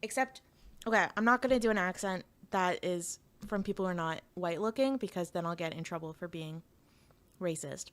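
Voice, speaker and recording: A young woman from Canada talks briskly in a fairly low voice while streaming, telling her chat a story. Her delivery rambles, with lots of laughing, fillers and false starts.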